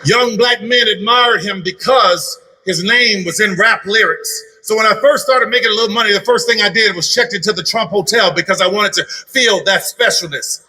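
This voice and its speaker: A man's voice: high-pitched, normal speed, hardly any pauses, pushed and bright, poor audio. A middle-aged man giving an earnest personal testimony at a political rally, driving his points home with repeated phrases. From lived in Georgia over thirty years. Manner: earnest, repetitive, building emphasis. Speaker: rally speaker.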